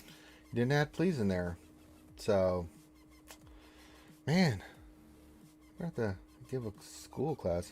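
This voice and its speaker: Male game streamer, lowish voice, relaxed chat with the viewers, playfully scolds them for bad manners. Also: takes it slowly, pauses often. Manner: playful, mock-stern teasing. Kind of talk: casual live-stream chat.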